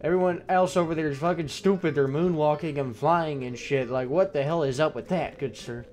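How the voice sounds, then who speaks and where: A man's voice: on the high side, brisk, a little mellow, slight background noise. A young man giving crude, sarcastic running commentary while playing a game. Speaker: gameplay commentator. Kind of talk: casual let's play commentary.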